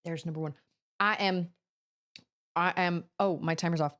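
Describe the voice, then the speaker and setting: A woman's voice: on the low side, steady tone, moderate pace, fairly bright tone. A woman streaming a game, chatting casually, talking to herself and exclaiming at the game. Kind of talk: casual live gameplay commentary.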